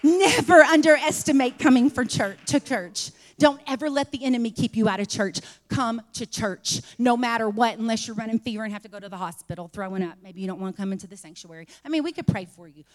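A woman preaching a sermon in a church, fervent and repetitive, rising to shouts. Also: fairly high pitch, long reverb tail.

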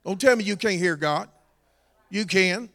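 A high-pitched man preaching to his church, his voice gravelly and unhurried as it swings from full shouts down to hushed storytelling. Long reverb from the sanctuary trails behind every line. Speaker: pastor. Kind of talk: sermon.

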